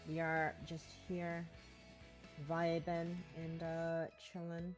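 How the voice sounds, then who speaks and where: A woman's voice: lowish voice, flat delivery, very slow, pauses often, a little mellow, soft background music. Rambling woman streamer with sore throat. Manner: rambling, self-interrupting, chatty. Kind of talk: casual gameplay chat. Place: home.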